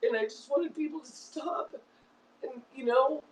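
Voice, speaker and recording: A woman's voice: sits high, a little slow, a little mellow, echoey room, far from the mic, a little hiss or hum, poor audio. Angry 50s woman ranting on stream. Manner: angry, repetitive, swearing. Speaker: online show host. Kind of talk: emotional livestream rant.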